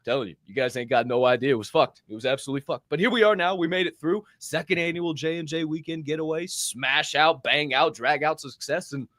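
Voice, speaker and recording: A man co-hosts a live podcast from a hotel room and spins a rowdy, profane story. He acts out every quote, and his fairly high voice sounds dry and close. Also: brisk, few pauses, fairly bright tone, no echo. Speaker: podcast co-host.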